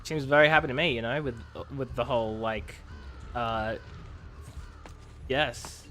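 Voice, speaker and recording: A man's voice: medium pitch, unhurried, a bit bright, slight background noise. A man streaming a video game, giving sarcastic, rambling live commentary.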